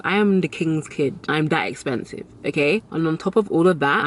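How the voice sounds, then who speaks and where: Young woman, casual advice vlogger, emphatic, animated storyteller. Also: low voice. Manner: emphatic, repeats key lines for effect; storytelling with animated retold dialogue. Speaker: vlogger giving dating advice.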